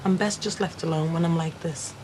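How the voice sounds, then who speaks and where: An actress as a weary, curt sister. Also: female voice, deep voice, fairly even intonation, fairly quick, background noise, lightly acted. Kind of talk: soap opera acting.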